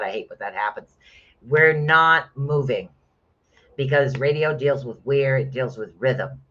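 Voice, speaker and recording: A man's voice: medium pitch, a bit bright, a little hiss or hum. Middle-aged man hosting a casual rune-reading stream, chatty and familiar, muffled lo-fi sound. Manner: chatty, calls listeners honey. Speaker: rune reader. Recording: dull lo-fi sound.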